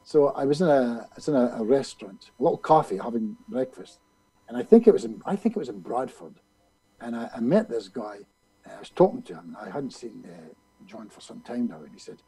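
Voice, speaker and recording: A man, a hypnotist being interviewed, telling a story in an animated way and acting out other people's lines. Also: mid-range voice, fairly quick, husky, dry recording, low-quality recording. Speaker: hypnotist guest.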